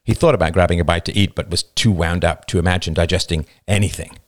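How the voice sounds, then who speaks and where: A man narrating a story in a measured, soft-spoken way. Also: deep voice, steady tone, dry recording. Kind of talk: audiobook narration.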